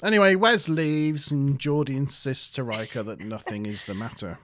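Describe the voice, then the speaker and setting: A man's voice: mid-range voice, normal speed, a bit bright, no echo. A man co-hosting a casual review show, recapping an episode with playful voices for the characters. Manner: recaps plot with playful quoted voices and laughs. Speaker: podcast co-host.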